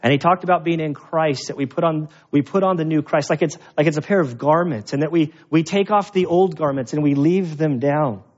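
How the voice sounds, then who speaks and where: A man delivering a sermon from the pulpit, talking through scripture in a conversational, emphatic way with some self-deprecating humor. His voice sits a bit high for a man. The recording is dull and lo-fi. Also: a little fast, few pauses, darkish tone. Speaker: pastor. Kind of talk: expository sermon.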